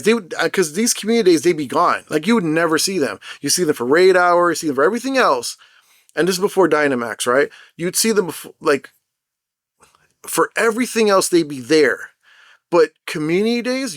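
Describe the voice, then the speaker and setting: A young man ranting in an unscripted vlog, telling his story in a rambling, animated and profane way. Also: sits high, a little fast, no room sound, studio quality. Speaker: mobile game content creator.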